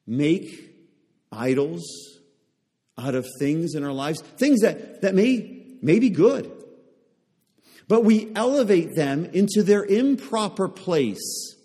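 A man's voice: high-pitched, expressive, slow pace, long pauses, warm tone, husky, big-room sound. A man preaching a sermon to a congregation, pressing them with repeated rhetorical questions. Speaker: pastor.

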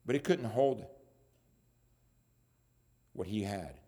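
Husky guy preaching slow, voice swinging way up and down, quiet then loud. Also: lively intonation. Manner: swings between low murmurs and loud rising appeals. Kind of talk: sermon.

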